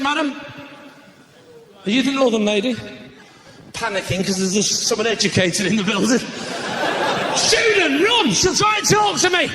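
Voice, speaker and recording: A middle-aged man with a Northern English accent doing live stand-up comedy in a theatre, bantering with the audience and breaking into loud outbursts. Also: extremely high pitch, background noise. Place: theatre stage.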